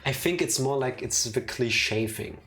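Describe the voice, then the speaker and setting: A woman from New Jersey trades dry, teasing banter while co-hosting a live game stream. Her voice is strikingly low. Faint background music runs underneath. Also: a little slow. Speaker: streamer co-host. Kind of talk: casual live-stream chat.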